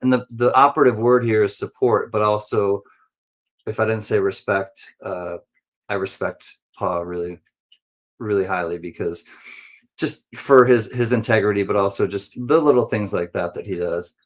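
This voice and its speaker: A man hosting a casual livestream who greets viewers one by one in a friendly, rambling way and now and then jumps into silly high voices. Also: moderate pace.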